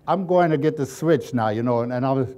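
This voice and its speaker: A man's voice: medium pitch, fast. An older man being interviewed, telling folksy childhood stories and chuckling often as he speaks. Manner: chuckles often while recounting, folksy and lively. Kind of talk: storytelling reminiscence.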